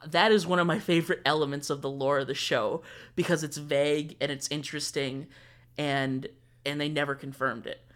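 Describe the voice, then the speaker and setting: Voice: medium pitch, fairly even intonation, brisk, fairly bright tone. A young adult reviewer, a guest on a podcast, explaining opinions in a thoughtful, casual way. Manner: thoughtful, explanatory, with frequent fillers. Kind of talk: casual fan discussion.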